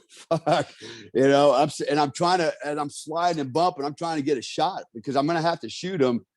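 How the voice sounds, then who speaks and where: A man's voice: on the high side, brisk, no room sound, studio quality. A man telling a story in a casual interview, swearing freely and acting out the voices of the people in it. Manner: profane, animated, acts out quotes. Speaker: guest.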